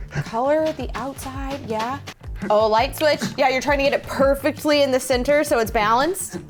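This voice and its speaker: High-voiced young woman reacting chattily. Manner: chatty, reminiscing, easily amazed. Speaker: reaction video host. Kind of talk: casual reaction commentary.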